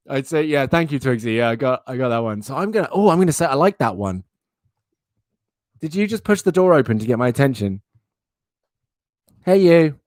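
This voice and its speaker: A young man hosting a casual live stream, chatting and reacting with loud, silly outbursts. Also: medium pitch, fairly quick, dry recording, clean studio sound. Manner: animated, jumps into loud silly exclamations. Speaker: livestream host.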